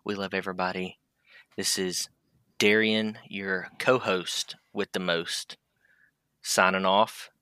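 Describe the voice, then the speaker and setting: A man's voice: deep voice, flat delivery, slow, bright, forceful tone, smooth, no room sound. A man co-hosting a casual podcast, joking and swearing freely. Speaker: podcast co-host.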